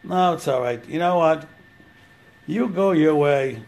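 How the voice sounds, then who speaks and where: Brief: man playing a calm, courteous refuser, slightly gravelly. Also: a little high, a little slow, slight background noise. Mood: politely declining.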